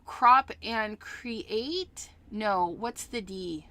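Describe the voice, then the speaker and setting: A woman's voice: mid-range voice, very slow, pushed and bright. A woman hosting a craft livestream, chatting casually as she explains each step she works on.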